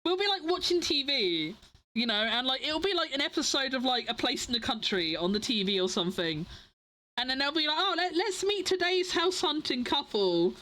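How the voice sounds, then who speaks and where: A young woman streamer telling stories in casual chat, animated and giggly. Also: sits high, brisk, low-quality recording.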